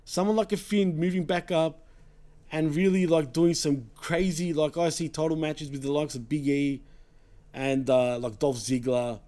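Laid-back man with a high-ish voice. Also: steady tone, moderate pace, mellow. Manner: laid-back, trails off into low mumbled "man" and "bro" tags. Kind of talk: casual wrestling chat.

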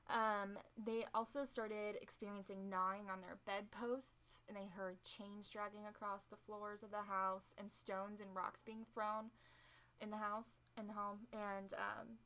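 A chatty woman tells a spooky history story in a relaxed, conversational podcast style. She drops in wry jokes and fillers like "um" and "like" as she goes. Her voice sits at an ordinary middle pitch. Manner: chatty, joking asides, frequent "um" and "like". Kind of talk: casual chat, storytelling.

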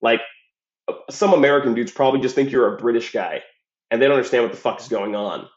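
A man's voice: medium pitch, fast talker. A man in a casual monologue, talking bluntly and profanely, rambling with fillers. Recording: roomy, dull lo-fi sound.

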